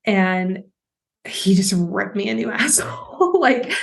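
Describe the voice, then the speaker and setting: A woman's voice: medium pitch, expressive, takes it slowly, creaky. A young adult woman hosting a podcast as a life coach, talking in a casual, candid monologue with frequent laughs and swearing.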